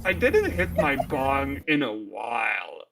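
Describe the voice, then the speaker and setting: A man's voice: medium pitch, huge pitch swings, slow, vocal fry, a crowd in the background. A man on a game voice chat, explaining helpfully and swearing casually.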